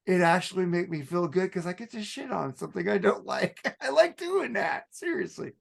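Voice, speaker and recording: A man's voice: sits high, lively intonation, moderate pace, vocal fry, husky. A man co-hosting a rock podcast in casual chat, outspoken and opinionated, laughing often. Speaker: podcast co-host. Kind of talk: casual chat about music.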